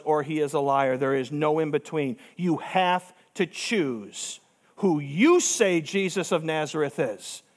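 A pastor preaching a sermon, emphatic and direct, asking rhetorical questions and acting out the people he quotes. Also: on the high side.

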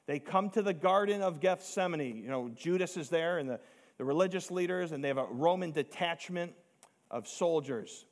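Pastor, male, fairly high voice, emphatic sermon delivery with slowed-down stresses. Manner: emphatic, rising to near shouts on key points; slows down to stress key words.

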